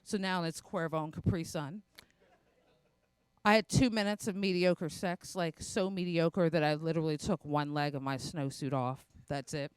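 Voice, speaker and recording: A woman's voice: low-pitched, fairly even intonation, normal speed, clear, resonant tone, no echo. A young adult woman performing a stand-up comedy set, telling self-mocking stories with quoted asides.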